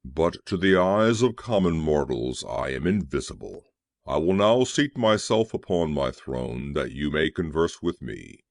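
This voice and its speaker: A man's voice: a bass voice, animated, measured pace, no room sound, clean studio sound, voice pushed down, exaggerated voice. A man voicing the invisible Oz as a solemn, commanding, terrible voice in an audiobook. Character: invisible Oz, booming grand terrible male voice.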